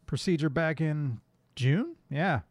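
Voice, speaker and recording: A man's voice: fairly high pitch, slow, a little mellow, no room sound. A man co-hosting a casual podcast chat, telling stories with laughs. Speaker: podcast co-host.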